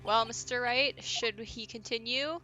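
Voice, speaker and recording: Woman doing a fussy old judge, formal, kinda fed up, bright voice. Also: on the high side, fairly even intonation, measured pace, faint music behind, rough recording. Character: fussy older male judge.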